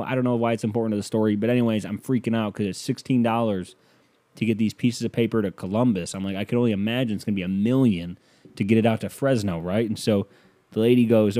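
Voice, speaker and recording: A man's voice: fairly low pitch, warm tone. A young man from Northeast Ohio hosting a solo podcast, ranting with sarcastic exasperation and the odd curse. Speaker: podcast host. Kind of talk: solo comedic podcast rant.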